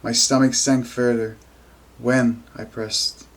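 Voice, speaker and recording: A man reading a novel aloud in first person, with steady, even delivery. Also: mid-range voice, slow. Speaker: amateur reader.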